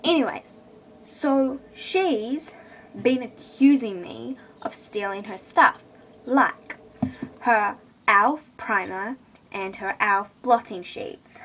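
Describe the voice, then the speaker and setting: Teen girl ranting storytime vlog, fast chatty fillers, slightly high voice. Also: fairly bright tone, slight background noise. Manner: indignant, chatty, filler-heavy. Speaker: vlogger. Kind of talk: casual storytime rant.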